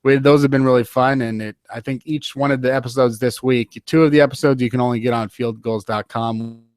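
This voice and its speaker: A man hosts a podcast in a casual, rambling way that is full of restarts. His voice sits at a middle pitch and sounds dry, with no room echo. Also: fairly even intonation, brisk. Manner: rambling, loose, with many fillers and restarts. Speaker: podcast host.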